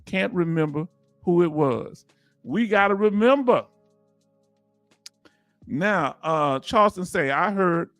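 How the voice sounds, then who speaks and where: This livestream host is a man with a Southern US accent and a fairly high voice, reading viewer comments aloud and laughing a lot. His delivery is loose and conversational, with no room sound.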